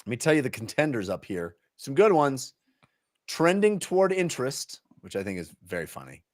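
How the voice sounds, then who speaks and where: A man's voice: mid-range voice, sing-song, normal speed, no room sound, studio quality. A man co-hosting a casual chat, playful and jokey as he reads out poll entries. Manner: playful, jokey announcer-like readouts. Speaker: co-host.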